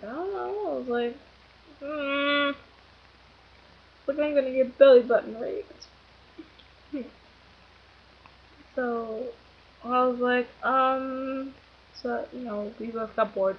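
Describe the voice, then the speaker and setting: A woman's voice: a little high, fairly even intonation, a little slow, long pauses, husky, muffled recording. A young woman telling a story casually, rambling and giggly, with many fillers. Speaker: vlogger.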